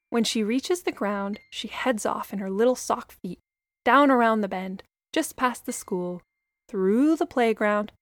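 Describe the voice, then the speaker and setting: A woman narrating a children's story in a gentle, expressive way. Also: medium pitch, no room sound.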